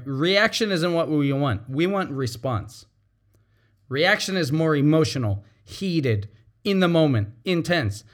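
A man's voice: a little high, fairly bright tone. A man, a teacher and parent, giving a reflective talk, explaining patiently and repeating his key points.

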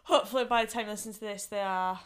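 A woman's voice: medium pitch, steady tone, rapid-fire, clear, resonant tone. A middle-aged woman co-hosting a podcast in a casual chat, easygoing and teasing, laughing along with her co-host.

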